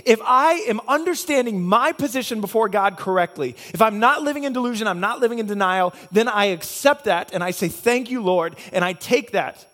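A man with a notably high voice delivers a sermon as a pastor. He preaches earnestly, stacking one reason on another in repeated chains. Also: expressive, brisk, a bit bright. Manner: earnest, repetitive preaching with building cause-and-effect chains.

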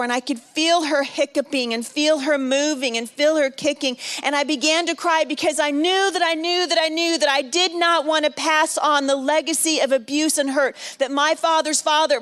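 Brief: middle-aged woman retreat speaker, slightly high voice, heartfelt sermon with story and audience asides. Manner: emotional, builds from hushed to loud and back; repeats phrases for emphasis, jokes with the audience. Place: large room at a women's retreat.

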